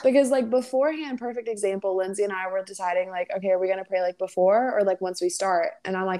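A woman's voice: medium pitch, steady tone, fast talker, few pauses, warm tone. A young woman co-hosting a podcast in casual chat, talking with lots of fillers and acting out the voices of people she quotes. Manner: chatty, many fillers, acts out quoted voices. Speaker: podcast co-host.

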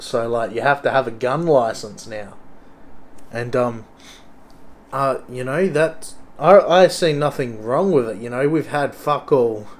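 Young Aussie guy, thick accent, mid pitch, rambling sweary vlog monologue. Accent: Australian. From Australia. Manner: sweary, rambling, blokey slang.

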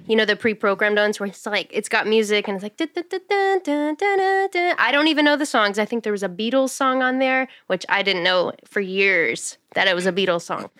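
A singer, chatty and energetic, telling her story in a podcast interview. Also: mid-range voice, no echo, clean studio sound. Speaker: singer and songwriter.

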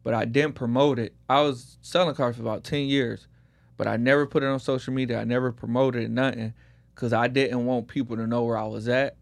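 A man's voice: mid-range voice, steady tone, brisk, vocal fry. A man in his thirties from Detroit, a podcast guest telling his story in a laid-back way with street slang. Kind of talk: casual podcast conversation.

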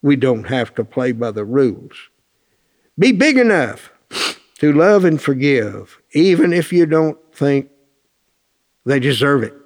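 A man's voice: medium pitch, very animated, measured pace, pauses often, darkish tone. A man teaching a Christian class, preaching through a personal story in a folksy, storytelling way. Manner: folksy storytelling, acts out phone calls in raised voices.

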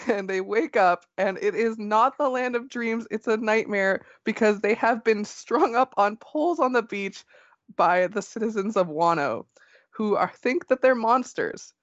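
A woman cohosting a podcast, casually recapping a manga chapter with fillers and soft laughs. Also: mid-range voice, unhurried, dry recording, dull audio. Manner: relaxed storytelling with fillers and gentle laughs.

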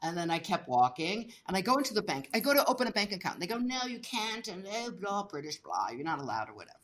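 A middle-aged American woman telling stories as an interview guest, animated and laughing often as she acts out the voices of people she met. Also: lowish voice, fast. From United States. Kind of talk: casual storytelling.

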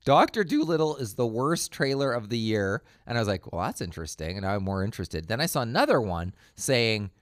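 A man's voice: medium pitch, very animated, fairly quick, hardly any pauses, dry recording. A man co-hosting a casual podcast chat, telling stories with a wry, dry humor and laughing often. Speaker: podcast co-host.

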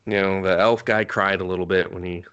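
A man's voice: deep voice, fairly even intonation, brisk, a bit bright, smooth, highs cut off. A man co-hosting a podcast, casually recapping an anime episode in a rambling way, swearing freely and laughing as he goes. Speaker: podcast co-host.

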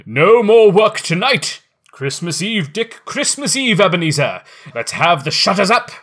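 A man voicing a jovial, stout old male merchant who shouts merrily in a rich, oily voice. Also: huge pitch swings, slow pace, breathy edge, full character voice. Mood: boisterous. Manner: shouting merrily, high-pitched.

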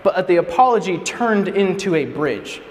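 Young guy preaching, high voice, big echoey hall w/ a little room noise. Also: normal speed. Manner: animated storyteller, acts out quotes. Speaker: youth speaker. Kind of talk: storytelling sermon. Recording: reverberant hall with faint ambience.

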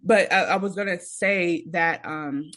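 A woman's voice: on the low side, measured pace, fairly bright tone. Chatty young woman recapping TV. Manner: rambling recap, acts out quotes. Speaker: podcast co-host. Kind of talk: casual chat.

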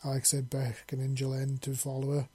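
A man narrating a story chapter in a steady, earnest reading voice. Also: mid-range voice, a little fast, husky. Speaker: audiobook narrator.

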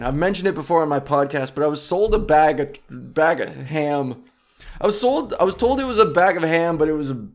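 A male podcast host in a loose comedic monologue who rambles and sidetracks himself with self-mocking asides. His voice sits a little high for a man, and he speaks right up on the mic. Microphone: podcast microphone close up.

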